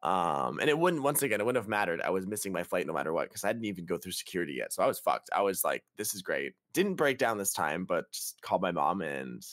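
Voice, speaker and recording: A young man with a fairly low voice tells a travel horror story on a podcast. His pitch jumps around as he acts out the people in it, and his swearing shows his exasperation. The sound is dry and close. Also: very animated, fast talker, hardly any pauses, a bit bright, dry recording. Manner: profane, exasperated retelling with quoted dialogue. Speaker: podcast host. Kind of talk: casual storytelling.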